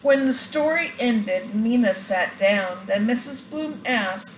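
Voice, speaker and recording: An older woman reading a storybook aloud to her grandchildren in a gentle, expressive way. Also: fairly high pitch, slow, few pauses, slight background noise. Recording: roomy echo, faint ambience.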